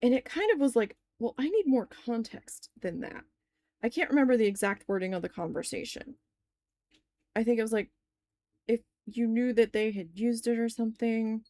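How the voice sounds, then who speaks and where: A woman's voice: on the high side, moderate pace, warm tone. A woman in her forties, chatty and long-winded, telling a story in a casual crafting vlog and swearing when annoyed. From New Jersey. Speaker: crafting vlogger.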